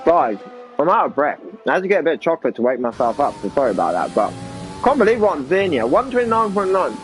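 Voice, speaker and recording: A man giving casual, excitable commentary on an esports racing league, talking to viewers. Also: on the high side, fast, soft background music, low-quality recording. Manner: excitable, chatty, addresses viewers as guys.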